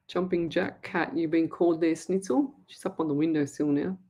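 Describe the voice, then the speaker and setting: A woman's voice: low voice, steady tone, measured pace, warm tone, slightly rough. Australian woman, live-stream host, blunt, emphatic, reads viewer comments. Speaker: psychic medium host.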